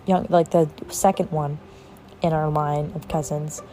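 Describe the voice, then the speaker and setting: A woman's voice: low-pitched, level tone, unhurried, mellow, slight background noise. A young woman casually telling personal family stories, rambling with lots of fillers and casual swearing. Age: young adult. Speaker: podcast host.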